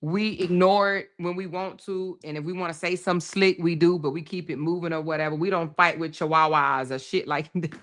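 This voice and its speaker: A woman hosting a casual livestream, reading viewer comments aloud, laughing often and talking loud and profane. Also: on the low side, steady tone, a little fast. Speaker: livestream host.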